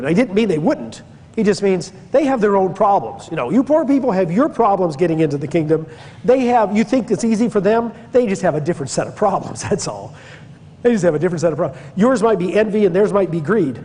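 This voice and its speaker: A man's voice: sits high, big pitch swings, fast, dark tone, husky. Man lecturing in an echoing hall. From Pennsylvania, USA. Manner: conversational and digressive, with emphatic stresses. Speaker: church history teacher. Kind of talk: classroom-style Bible lecture.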